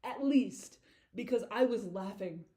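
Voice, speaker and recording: A woman's voice: medium pitch, unhurried, warm tone. A woman giving a casual director's commentary on her own video, rambling, giggling and swearing freely.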